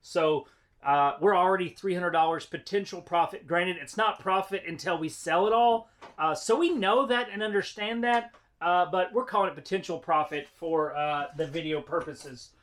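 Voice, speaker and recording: A man's voice: high-pitched, moderate pace, a bit bright. A man vlogging as he unboxes items, chatting casually and thinking aloud about prices and profit. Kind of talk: casual chat.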